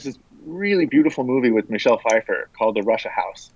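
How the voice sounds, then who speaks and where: A man's voice: medium pitch, animated, fast talker, breathy edge, dull audio. A man who is a political science professor, giving thoughtful, hesitant answers with many fillers as a guest in an interview.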